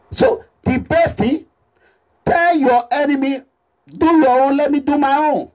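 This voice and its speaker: A man with a Nigerian accent making an impassioned social media appeal as a political activist, animated and repetitive, slipping into Pidgin English. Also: very high-pitched, unhurried. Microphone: phone or camera selfie video.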